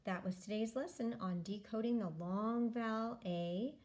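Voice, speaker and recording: Woman teacher, warm low-key tone, patient step-by-step phonics modeling. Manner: slow, patient, modeling each step aloud. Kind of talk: phonics lesson.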